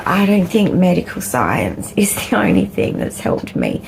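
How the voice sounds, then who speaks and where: A middle-aged Australian woman vlogging candidly, rambling and laughing often, sometimes dropping into a soft whisper. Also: lowish voice, huge pitch swings, measured pace, vocal fry, background noise. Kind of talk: candid personal vlog talk.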